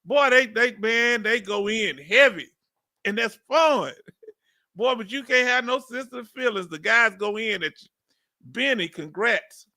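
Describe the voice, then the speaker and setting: A Texan veteran in his fifties hosts a casual live stream, reading viewer comments aloud and laughing often. His Southern drawl comes through in chatty asides, and his voice is very high, animated, a little slow, pushed and bright.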